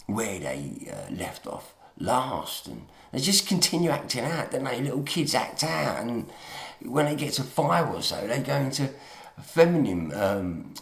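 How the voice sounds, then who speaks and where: A man's voice: medium pitch, vocal fry, echoey room. A man giving a rambling, emphatic monologue full of swearing and chatty asides. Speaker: video lecturer.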